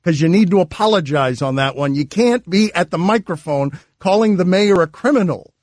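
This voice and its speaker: Jokey sports radio host, dry studio. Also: male voice, sits high, lively intonation, a little fast, a little mellow, no echo. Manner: jokey, playfully rambling.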